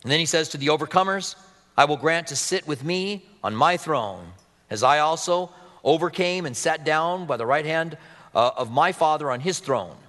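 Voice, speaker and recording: A man's voice: fairly high pitch, animated, normal speed, fairly bright tone, long reverb tail. A man preaching a sermon as pastor, earnest and reading scripture aloud to his congregation.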